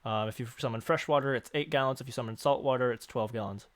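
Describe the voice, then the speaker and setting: A man serving as game master for a tabletop game, laying out rules in a relaxed, matter-of-fact way. His voice is recorded close and dry, with no room sound at all. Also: mid-range voice, fast talker, no room sound.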